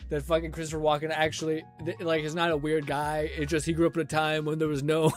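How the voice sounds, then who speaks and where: A young man streamer rambles through casual reaction commentary, laughing and swearing as he goes. His voice sits a bit high, with faint music behind. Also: monotone, fast talker.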